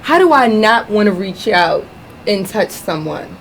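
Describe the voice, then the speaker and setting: A woman's voice: mid-range voice, animated, a little slow, creaky, a crowd in the background, rough recording. A woman hosting a radio talk show, chatting in a playful, teasing way. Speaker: host. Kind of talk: casual chat. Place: radio studio.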